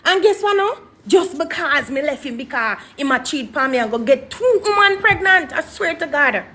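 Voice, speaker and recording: A young woman, a guest telling her story in an interview in an animated, dramatic way. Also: high-pitched, moderate pace. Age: young adult.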